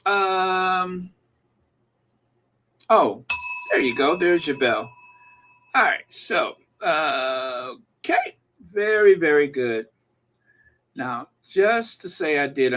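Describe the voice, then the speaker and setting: A man hosting a live stream, greeting viewers and chatting casually with plenty of pauses and filler words. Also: a little high, bright, forceful tone. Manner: unhurried, chatty, many um and uh fillers.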